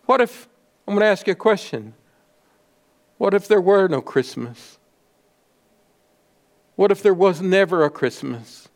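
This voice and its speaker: A man preaching a sermon in a fairly high voice and at a very slow, deliberate pace. He repeats phrases in a rhythmic cadence and asks rhetorical questions. His delivery swings between loud, soaring peaks and hushed near-whispers. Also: expressive. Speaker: pastor.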